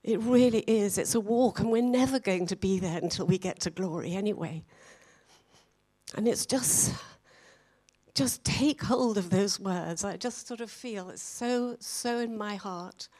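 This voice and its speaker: A woman leading a church meeting, gently encouraging the people to share their testimonies. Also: mid-range voice, measured pace. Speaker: meeting leader. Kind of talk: church exhortation.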